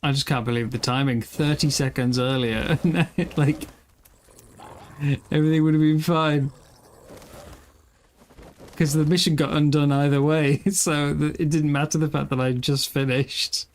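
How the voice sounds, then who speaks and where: A man's voice: a little high, fairly even intonation, normal speed, long pauses. A man in his thirties chatting casually with viewers while streaming a game. He rambles in a self-deprecating way and sounds tired after an early start. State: tired, yawning. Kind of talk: casual live-stream chat while gaming.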